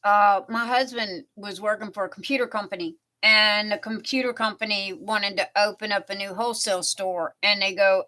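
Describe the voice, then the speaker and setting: A woman's voice: medium pitch, fairly even intonation, bright, forceful tone. A woman livestreaming from home, chatting casually and rambling through stories while she crafts. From southern United States. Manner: chatty, meandering, drawn-out storytelling. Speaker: live streamer.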